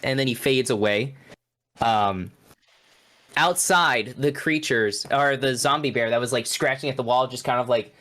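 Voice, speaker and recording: A man's voice: medium pitch, moderate pace, sharp tone. Male game master, casual horror narration, stumbling restarts, everyday mid voice. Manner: loose and chatty, full of restarts and fillers.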